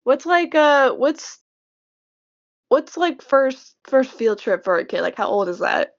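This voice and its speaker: A woman's voice: high voice, very animated, slow pace. A young woman in casual chat as a podcast co-host, telling rambling stories with frequent laughs. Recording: dull lo-fi sound.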